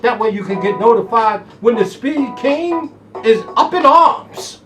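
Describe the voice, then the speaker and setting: Fired-up high-voiced male racing tipster. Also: unhurried. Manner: fired-up, folksy, talks to himself to calm down. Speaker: horse racing handicapper and show host. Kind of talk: excitable folksy race preview monologue. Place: studio. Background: soft jazz music.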